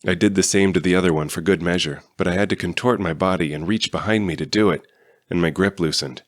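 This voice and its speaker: A man reading a fan-written novel aloud in steady first-person narration. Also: deep voice, fast talker, no room sound, studio quality. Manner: steady storytelling. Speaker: audiobook reader.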